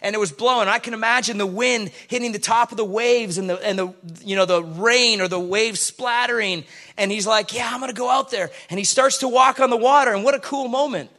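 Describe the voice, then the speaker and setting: A man preaching to his church, reading scripture aloud and acting out the people in the story with lively commentary. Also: high-pitched, fairly quick. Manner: animated, acts out the people in the Bible story. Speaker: pastor.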